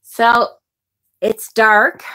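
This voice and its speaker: Speaking extremely slowly in a fairly high, flat, yet bright and forceful voice, a middle-aged woman runs a tarot livestream. She welcomes viewers, reads out what they write, and gasps and exclaims emotionally at the card images, all in a chatty, casual manner.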